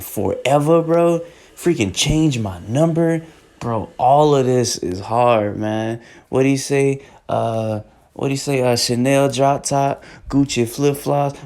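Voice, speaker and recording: A young man talking casually and excitedly about music as a reviewer, rambling in slang. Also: mid-range voice. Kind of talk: casual chat.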